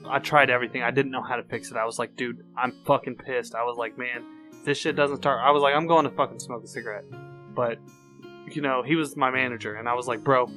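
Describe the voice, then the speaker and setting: A man co-hosting a podcast speaks in a mid-range, bright voice with a forceful tone. A little tipsy, he swears freely and rambles through stories in casual chat.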